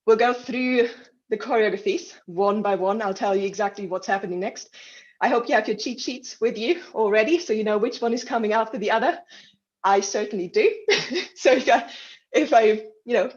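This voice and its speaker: A woman's voice: on the high side, moderate pace, highs cut off. A woman leading an online dance class over a video call, counting and cueing moves in an encouraging way, a little out of breath. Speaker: dance instructor.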